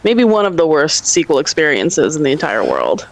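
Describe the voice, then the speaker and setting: A woman's voice: deep voice, huge pitch swings, normal speed, creaky. A woman co-hosting a live comedy stream, chatting casually and teasing her partner. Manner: teasing, playful. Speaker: co-host.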